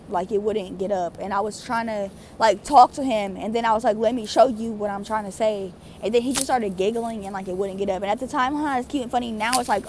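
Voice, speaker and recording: A woman's voice: medium pitch, a little hiss or hum. A young adult woman vlogger telling a story in a casual, rambling way, full of fillers. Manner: rambling, animated, with many fillers.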